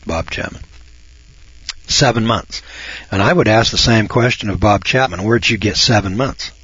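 An older American man hosts a radio talk show in a casual monologue, folksy and emphatic, repeating words as he builds his points and mocking callers in a raised voice. His voice is fairly low, slightly rough, and fairly bright at a moderate pace. The radio sound is dull, lo-fi, and dry, with no room sound.

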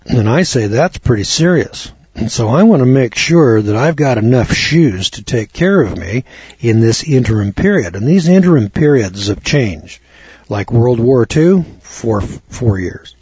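Husky man lecturing, throat-clearing. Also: mid-range voice, big pitch swings, a little slow, a little mellow, dry recording. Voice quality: clears throat often, repeats words. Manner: homespun, storytelling, cautionary. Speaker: instructor. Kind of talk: folksy lecture. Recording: dull lo-fi recording.

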